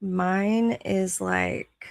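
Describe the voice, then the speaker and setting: A woman's voice: mid-range voice, very animated, extremely slow, vocal fry, no echo. A woman hosting her show, reading online posts aloud in casual chat, chatty and gushing and laughing often. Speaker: podcast host.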